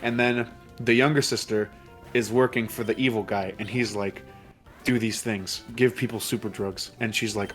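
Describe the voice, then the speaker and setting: A man with a fairly low voice talks his friends through a long, loose recap, piling clause on clause and swearing casually. Faint game music runs underneath. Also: steady tone, moderate pace, fairly bright tone. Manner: rambling, profane plot recaps. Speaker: let's play commentator.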